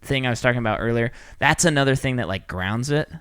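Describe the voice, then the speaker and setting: A man co-hosting a casual podcast, talking in an animated way and acting out quotes in little put-on voices. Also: medium pitch, fast, clear, resonant tone, dry recording. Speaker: podcast co-host. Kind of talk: casual chat.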